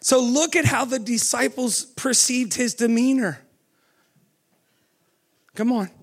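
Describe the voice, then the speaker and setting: A man with a high voice delivers a sermon. He keeps turning to his listeners with questions and pushes them on with "come on". His pace shifts between brisk runs and slow, stretched words. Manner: asks the audience many questions, urging with "come on"; pace swings from quick to slow and drawn out. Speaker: preacher.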